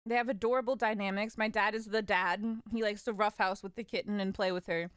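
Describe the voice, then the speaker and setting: A young woman streamer casually telling stories about her parents, animated and laughing, acting out their lines. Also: mid-range voice, brisk, clean tone, no echo, studio quality. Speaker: vtuber streamer. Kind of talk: casual storytelling.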